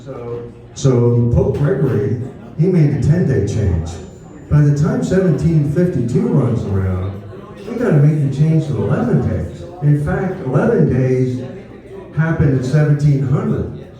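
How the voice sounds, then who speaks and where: A man's voice: medium pitch, very animated, measured pace, dark tone, far from the mic. Man giving a chatty history talk in an echoey room. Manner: chatty, digressive, asks "okay?" often. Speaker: history speaker. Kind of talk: informal history talk to a live audience.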